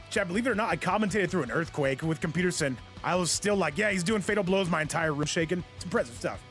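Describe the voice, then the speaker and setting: A man commentates a fighting game live, chatting to his viewers in a loose, joking, rambling way. His voice sits fairly high. Faint music plays in the background. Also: fast, a bit bright. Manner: joking, rambling, talks to chat. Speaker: stream host and commentator.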